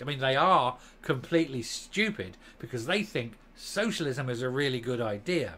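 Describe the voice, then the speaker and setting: A man's voice: medium pitch, expressive, moderate pace, few pauses, pushed and bright. A man from England hosting a political opinion vlog, ranting emphatically with a sarcastic edge. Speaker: channel host.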